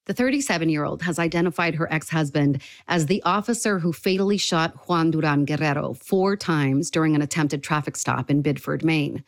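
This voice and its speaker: Woman reporter, really low voice, dry close sound, steady news read. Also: a little fast, few pauses, no room sound.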